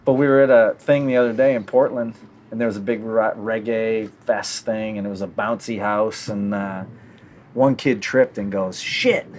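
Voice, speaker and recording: A man hosting a casual podcast, a relaxed storyteller who acts out the quotes, recorded outdoors in a park. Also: on the low side, moderate pace, slight background noise. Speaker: podcast host.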